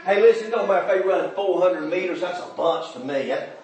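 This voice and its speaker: A man preaching a folksy revival sermon, telling stories and building up to shouts. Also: sits high, animated, brisk, very echoey, distant mic. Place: church sanctuary.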